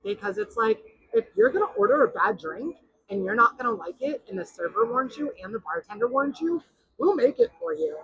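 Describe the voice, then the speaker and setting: A woman podcast host and bartender telling blunt, animated bar stories in casual chat. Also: on the high side, brisk, slightly rough, highs cut off. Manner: blunt and animated storyteller, swears freely.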